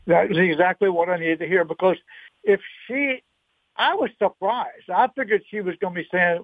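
A man in his eighties, a guest on a radio interview, speaking in a halting, earnest way with many repeated words and getting choked up. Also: high voice, no room sound. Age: 80s. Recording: tinny phone line.

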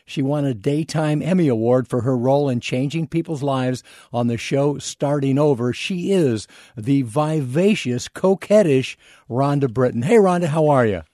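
A man's voice: mid-range voice, moderate pace, mellow, no echo, studio quality. A man co-hosting a radio show, introducing a guest with upbeat enthusiasm. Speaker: radio co-host.

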